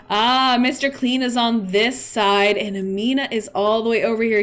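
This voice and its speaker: A woman's voice: a little high, moderate pace, few pauses, soft background music. A woman streamer chatting playfully through casual gameplay commentary. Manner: chatty, playful, with laughs and fillers.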